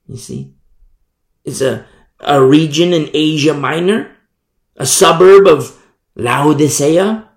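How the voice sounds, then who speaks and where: A man preaching a sermon, animated storytelling that acts out the people in it. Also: fairly high pitch, slow pace, pauses often, echoey room. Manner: animated storytelling, acting out voices.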